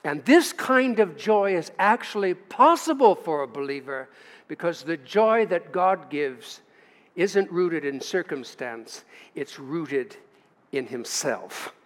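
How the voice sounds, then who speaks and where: Pastor preaching in a reverberant church. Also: male voice, on the high side, lively intonation. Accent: American. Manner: emphatic preaching with long pauses and rising stresses. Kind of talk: sermon. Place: church sanctuary. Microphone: livestream from the pulpit.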